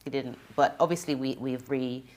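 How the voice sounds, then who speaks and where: A woman in her thirties, a singer and interview guest, telling an emotional personal story in an animated way and often asking "you know?". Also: a bass voice, moderate pace. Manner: animated, acts out quoted dialogue, frequent "you know".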